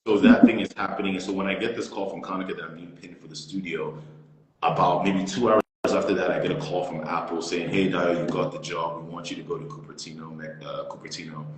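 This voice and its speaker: A man with a very deep voice tells an animated story, slipping into the voices of the people he quotes. He sounds like he is in a very echoey room, and a long reverb trails his words. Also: quick pace. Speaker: actor guest. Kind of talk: storytelling in an interview. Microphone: phone or laptop on a live stream.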